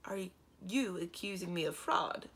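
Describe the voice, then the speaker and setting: A woman voicing a calm, commanding female dragon king in a storybook reading, speaking mildly and with assurance. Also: medium pitch, normal speed, creaky, breathy edge, heavily acted. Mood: calm assured. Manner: mild and assured.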